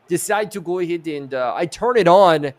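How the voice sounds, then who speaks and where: A man putting on a deadpan voice. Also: on the high side, normal speed, natural voice. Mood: deadpan joking. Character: man joking as a Russian speaker.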